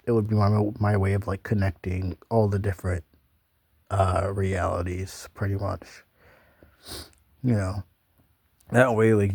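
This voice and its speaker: A man's voice: lowish voice, mellow, no room sound, clean studio sound. A young man talking in a loose, meandering casual monologue, full of ums and offhand swearing. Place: small room, flipping through notebook pages.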